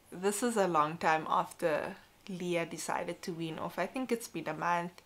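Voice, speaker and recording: Young female vlogger, slightly low pitch, candid and chatty, casual to-camera talk. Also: fairly bright tone. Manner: chatty, candid, frequent "like" and "you know". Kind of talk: casual personal vlog.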